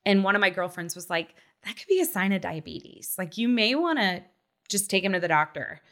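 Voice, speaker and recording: Animated bright-voiced woman telling a story. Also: mid-range voice, brisk. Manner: animated storyteller who acts out quotes. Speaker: guest, mother. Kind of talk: casual chat, personal story.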